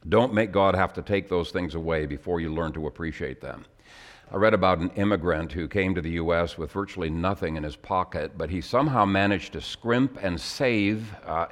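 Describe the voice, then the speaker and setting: A man preaching a sermon in an earnest way, growing emotional as he reads a poem aloud, with fillers and throat-clearing between phrases. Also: deep voice.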